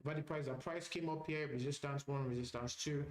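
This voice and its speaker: A man's voice: a little high, fairly even intonation, a little fast, reverberant, poor audio. A man teaching a live trading session, talking through charts casually and often repeating phrases with "all right" fillers. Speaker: trading instructor.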